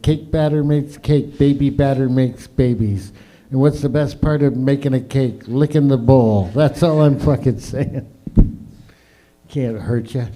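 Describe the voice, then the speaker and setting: A man hosting a live open mic comedy night, with crude, loud and swearing banter between acts. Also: medium pitch. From Canada.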